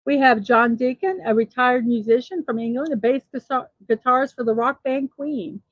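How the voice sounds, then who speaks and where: A woman's voice: high voice, moderate pace, no room sound, muffled recording. A woman hosting a daily morning show, reading birthday and trivia notes aloud with small personal asides between items.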